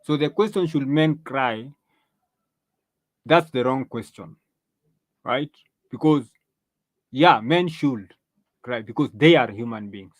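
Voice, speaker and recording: A man's voice: medium pitch, takes it slowly, pauses often, no echo. A man hosting an opinion monologue, lecturing emphatically, drawing out stressed phrases, with frequent restarts and rhetorical questions. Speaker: host.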